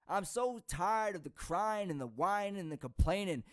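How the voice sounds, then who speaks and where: Heated high-voiced man ranting. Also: lively intonation, moderate pace, hardly any pauses, no echo, studio quality. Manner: frustrated, heated, lecturing. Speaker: vlogger. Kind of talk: ranting video commentary.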